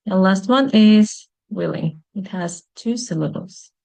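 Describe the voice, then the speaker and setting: Slow, careful woman teaching English. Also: medium pitch, creaky, darkish tone. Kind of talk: recorded video lesson.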